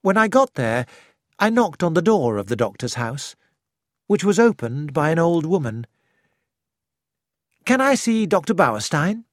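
An audiobook narrator reading a first-person story in a measured, deliberate way. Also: mid-range voice, big pitch swings, dry recording, clean studio sound. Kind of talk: scripted narration.

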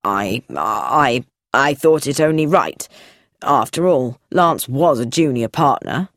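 A woman's voice: rumbling low, lively intonation, slow pace, no room sound, clean studio sound, pitched below the performer's own voice, full character voice. A woman voicing a stiff, cold older brother, a businessman who speaks coldly and defensively.

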